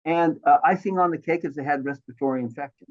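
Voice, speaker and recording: A man in his sixties telling his life story as an interview guest, animated and acting out the voices of the people he quotes. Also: on the high side, fast talker. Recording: thin phone-like line.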